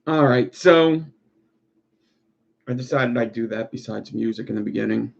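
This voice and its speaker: A man's voice: medium pitch, moderate pace, creaky, slight background noise. A man chatting casually on a live stream while he builds, rambling and profane. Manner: rambling, profane, laid-back. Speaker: streamer making wire art. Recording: lo-fi muffled recording.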